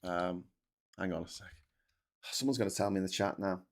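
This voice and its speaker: A lower-pitched man from Liverpool hosts a relaxed livestream chat. He rambles along, swears freely and keeps restarting his sentences. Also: brisk, creaky. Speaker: host.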